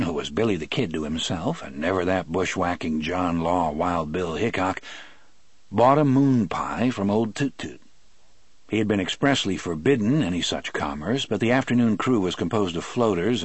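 A man reading an audiobook aloud in a measured, wry storytelling manner. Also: deep voice, animated, breathy edge, no room sound. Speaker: narrator. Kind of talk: audiobook narration.

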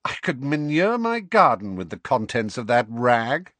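A man's voice: mid-range voice, very animated, unhurried, a bit bright, dry recording, pitched above the performer's own voice. A man voicing a sneering middle-aged gossip reporter woman. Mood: scornful. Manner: sneering, cold, witheringly sarcastic.

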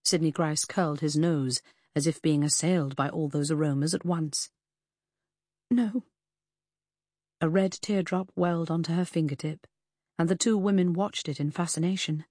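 A woman narrating an audiobook in the first person, measured and composed. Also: low-pitched, fairly even intonation, darkish tone, no echo, clean studio sound.

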